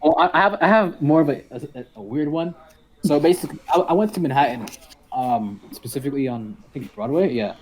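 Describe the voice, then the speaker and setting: A young man co-hosting a podcast, telling an animated, slangy story. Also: a little high, fairly quick, a little hiss or hum. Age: young adult. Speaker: podcast co-host. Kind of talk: casual chat.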